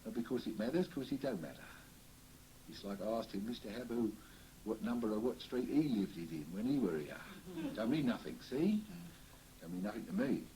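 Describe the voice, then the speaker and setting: A cheery old Cockney barrow boy's spirit, as a man in a séance puts him on, rambling through his memories with chuckles. His voice has a warm, mellow tone, and his pitch swings up and down as he talks, in a folksy, chatty way. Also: animated, fairly quick, slight background noise, natural voice, low-quality recording. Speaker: trance medium. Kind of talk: séance trance communication.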